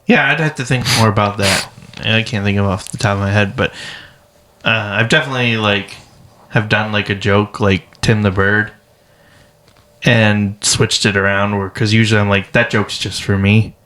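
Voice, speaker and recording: A man's voice: fairly low pitch, steady tone, moderate pace, sharp tone. A man, co-hosting a casual podcast and teasing his partner in an easygoing way. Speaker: podcast co-host. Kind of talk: casual chat.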